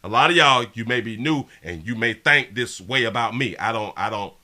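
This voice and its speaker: A man's voice: medium pitch, lively intonation, normal speed. Brash man hosting a live stream. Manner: brash, profane, swings from mumbling to yelling. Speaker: live show host. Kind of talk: casual live-stream chat reading comments.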